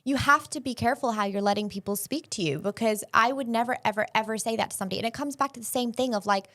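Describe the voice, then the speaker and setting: A woman's voice: a little high, quick pace, fairly bright tone. A young woman co-hosting a podcast in casual chat, giving emphatic advice. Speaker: podcast co-host.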